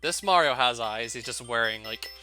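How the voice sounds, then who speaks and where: A young man with a bright, forceful voice talks through a game in a casual, wry way and laughs often. Faint game music plays behind him. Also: medium pitch, moderate pace. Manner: wry, laughs often, reads on-screen text aloud. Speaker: let's play commentator. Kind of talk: casual gameplay commentary.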